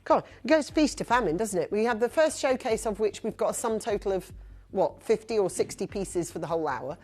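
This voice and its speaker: A woman's voice: mid-range voice, animated, fairly quick, a little mellow. A woman presenting a live shopping channel, chatty and upbeat, rattling off prices and buyers' names. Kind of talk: live TV selling.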